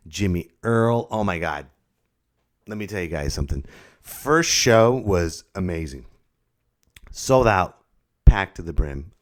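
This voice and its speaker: Low-pitched male comedian, casual solo podcast host, rambling and self-mocking, popping p's on a new mic. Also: a little mellow. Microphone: new podcast microphone with popping p sounds.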